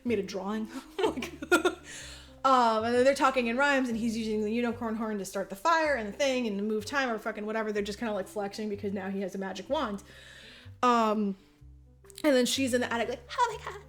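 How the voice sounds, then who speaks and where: A woman recapping a film in loose, profane podcast chat, jumping into quick character voices as she goes. Her voice sits a little high, with faint music in the background. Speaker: podcast co-host. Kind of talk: casual movie recap chat.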